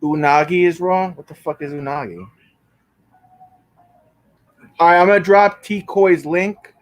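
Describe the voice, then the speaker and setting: A man's voice: on the high side, expressive, normal speed. A man livestreaming from his bedroom, casually arguing with viewers in chat and swearing often. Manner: profane, bickering with chat. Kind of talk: casual live stream chat reading comments.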